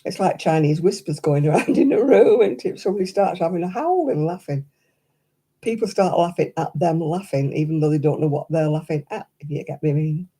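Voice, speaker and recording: A woman's voice: sits low, animated, brisk, mellow, husky. An older woman hosting a crafting livestream, telling stories in casual chat and laughing often as she talks. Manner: chatty anecdotal storyteller, laughs often.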